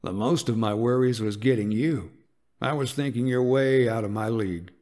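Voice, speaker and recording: A man voicing a deep-voiced, smug and seductive biker club president in an audiobook, speaking in a low murmur. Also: moderate pace, darkish tone, lightly acted. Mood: teasing. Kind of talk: audiobook dialogue.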